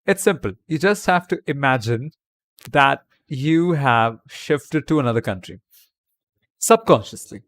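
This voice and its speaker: An Indian man chats casually on a livestream from his home webcam, answering viewers' comments in English with a put-on British accent. His voice is mid-range with lively intonation, he speaks a little slowly, and the recording is dry.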